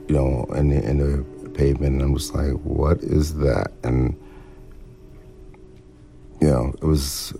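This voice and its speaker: A man telling an interviewer about a shooting he witnessed, halting and full of fillers, acting out what was said. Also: rumbling low, creaky, warm tone. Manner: halting, filler-heavy, acts out remembered dialogue. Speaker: eyewitness interviewee. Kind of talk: recounting a shooting in a documentary interview.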